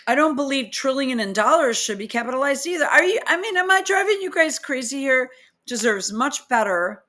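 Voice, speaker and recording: Briskly and with lots of animation, a woman with a high, sharp voice reads posts out loud and critiques their grammar. It's a casual rant, exasperated and incredulous in tone.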